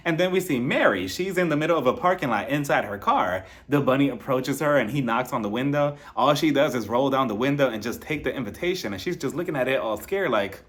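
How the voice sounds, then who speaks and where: A man casually reviewing a reality show on his channel, animated and joking with frequent laughs. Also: mid-range voice, brisk, hardly any pauses. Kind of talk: casual commentary.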